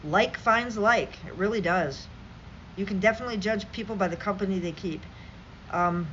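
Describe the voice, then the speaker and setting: A woman's voice: medium pitch, moderate pace, a bit bright, slight background noise. A woman vlogger reading news stories aloud and ranting about them in an angry, sarcastic, profane way, on dull lo-fi audio. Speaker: political commentary vlogger.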